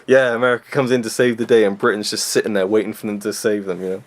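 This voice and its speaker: A man's voice: fairly low pitch, level tone, fast talker, few pauses. A young man reviewing a film in a rambling, self-deprecating casual chat with lots of fillers.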